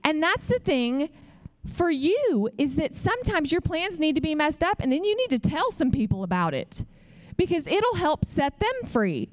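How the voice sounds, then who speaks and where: A woman preaching in a conversational way, telling a personal testimony as an animated story and acting out what other people said. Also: high voice, normal speed. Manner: frequent "like" fillers. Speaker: speaker sharing a testimony.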